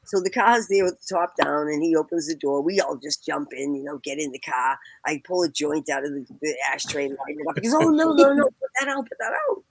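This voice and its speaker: Animated woman telling a story. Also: sits low, a little fast, few pauses, low-quality recording. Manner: acts out quoted voices, laughs often. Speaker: guest storyteller.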